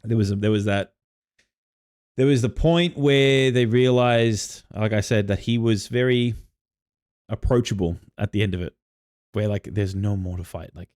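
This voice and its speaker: Brief: male podcast co-host, very low voice, rambling, dry close mic. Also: moderate pace, darkish tone, dry recording. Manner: rambling storyteller with many "like" fillers and restarts. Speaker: podcast co-host and game master. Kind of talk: casual chat about tabletop campaigns.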